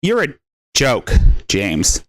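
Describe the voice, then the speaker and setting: Profane, taunting man with a swinging pitch. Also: wildly swooping pitch, very slow, fairly bright tone. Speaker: stream host. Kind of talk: mocking live stream rant.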